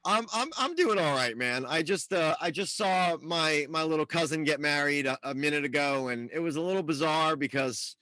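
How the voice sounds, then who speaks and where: A man's voice: a little high, moderate pace, few pauses, no echo, low-quality recording. A man co-hosting a podcast, chatting casually with frequent laughs and filler words. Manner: laughs often, warm filler-heavy rambling. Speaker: podcast co-host.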